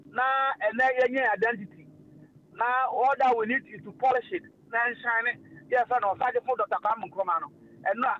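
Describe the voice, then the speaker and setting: A high-voiced man chats on a radio stream, animated and loose, with plenty of filler sounds. The sound is dull and lo-fi. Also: a little hiss or hum. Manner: animated, mixing languages, frequent fillers and laughs. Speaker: radio host. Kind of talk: casual radio talk.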